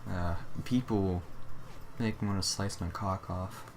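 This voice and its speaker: A man's voice: low voice, steady tone, unhurried. A young man co-hosting a casual chat, ranting profanely about customers and acting them out in mock voices. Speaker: co-host. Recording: faint background noise.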